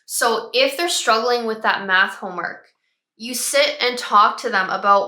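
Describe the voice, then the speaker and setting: Woman coaching parents, calm and explaining, kinda high bright voice, echoey room. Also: unhurried. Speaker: child behavior expert. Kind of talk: parenting advice talk.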